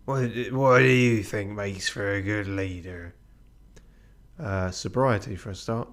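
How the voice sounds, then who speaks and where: A man's voice: deep voice, takes it slowly. Man playing a stern ship's officer. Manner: firm, clipped, reproachful. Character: stern male ship officer, blunt and dutiful.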